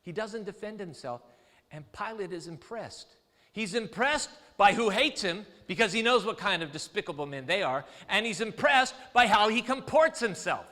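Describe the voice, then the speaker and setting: A male pastor preaching a sermon, telling the story with lively, acted-out quotes. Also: high voice, moderate pace, big-room sound. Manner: animated storytelling preacher, acts out quoted voices. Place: church sanctuary.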